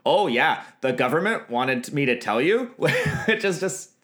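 A man co-hosting a podcast in casual chat, amused and laughing often, slowing down when he quotes lines. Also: a little high, sing-song, fairly bright tone. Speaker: podcast co-host.

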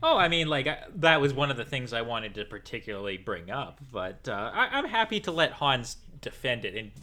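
A man rambles through his thoughts on a podcast, with fillers in nearly every sentence. His voice is bright and crisp, at a middle pitch. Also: very animated, brisk. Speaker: podcast co-host. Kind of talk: casual chat.

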